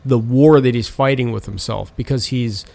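A man's voice: medium pitch, fairly even intonation, moderate pace, creaky, warm tone. A man in casual chat, animatedly retelling film scenes with lots of swearing and filler. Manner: profane, rambling storytelling.

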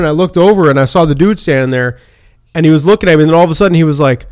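A man's voice: a little high, racing, a little mellow, clear, resonant tone, no echo, studio quality. A man telling a rambling, profane drinking story in casual chat, with lots of restarts. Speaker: podcast co-host.

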